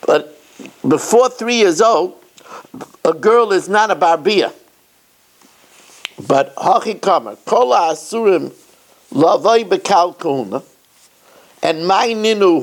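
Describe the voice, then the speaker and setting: Male rabbi, daily Talmud lesson, gravelly with fry, reads then explains in an animated way, a bit winded. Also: a little high. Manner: reads Aramaic phrases, then explains them in English; animated teacher with playful asides. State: a little winded.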